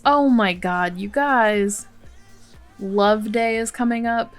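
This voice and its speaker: A woman's voice: a little high, slow pace, faint music behind. A woman hosting a Let's Play, giving casual, chatty gameplay commentary full of exclamations and laughter.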